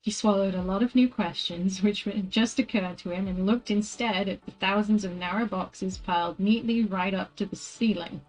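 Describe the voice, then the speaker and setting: A woman's voice: medium pitch, fairly even intonation, moderate pace, hardly any pauses, darkish tone, poor audio. A woman reading a storybook aloud on a stream in a casual way, often stumbling over words, correcting herself and apologizing.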